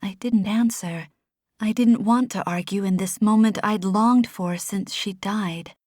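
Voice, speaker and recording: A woman narrating a first-person fantasy novel in a soft, hushed, measured voice. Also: mid-range voice, fairly even intonation, dry recording, clean studio sound. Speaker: audiobook narrator.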